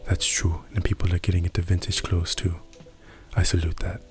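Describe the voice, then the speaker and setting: A man's voice: low-pitched, little pitch movement, a little fast, close to an everyday voice. A man doing a whispering vampire, Mister Hyde. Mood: weary. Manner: put-on European-style accent. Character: male vampire customer, vain and world-weary. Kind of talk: whispered role-play.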